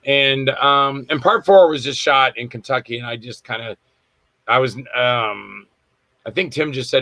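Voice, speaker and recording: A man's voice: medium pitch, animated, normal speed, pushed and bright, dry recording, poor audio. A man being interviewed as an actor, telling rambling anecdotes and acting out the quotes with laughs. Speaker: actor guest. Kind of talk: casual storytelling interview.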